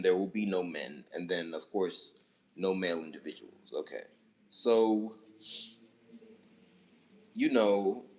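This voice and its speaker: A somewhat low-voiced man holding forth on his own livestream. He speaks in firm, declarative bursts and repeats short punchy phrases. His monologue slips into rhythmic chanting. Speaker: livestream commentator.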